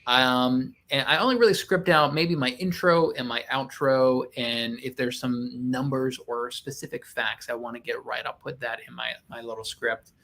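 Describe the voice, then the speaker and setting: A man co-host with a medium-pitched voice and a relaxed, conversational manner. He gets animated in his asides. His talk is easygoing and unscripted. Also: moderate pace, few pauses. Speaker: co-host, real estate agent and YouTuber. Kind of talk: casual chat.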